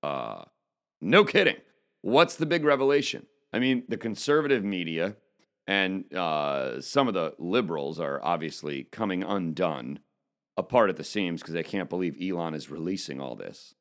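A man's voice: low voice, expressive, normal speed, a bit bright. A man giving an indignant opinion monologue as a political commentator, speaking emphatically. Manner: emphatic, indignant, reads quotes aloud.

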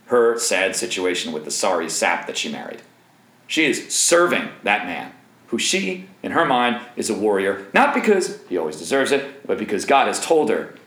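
A man in his thirties preaching a sermon in an animated, joking way, with asides to the crowd. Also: mid-range voice, roomy sound, rough recording. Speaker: pastor.

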